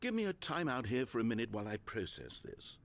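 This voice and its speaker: A sardonic male game narrator who heaps dry, mock-awed sarcasm on the player. His pitch swings widely from low to high, and steady background noise sits under his voice. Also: brisk, gravelly.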